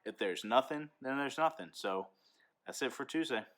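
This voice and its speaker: A man's voice: mid-range voice, expressive, normal speed, fairly bright tone. A man who teaches eighth grade, chatting frankly and telling stories in a casual vlog into a handheld phone.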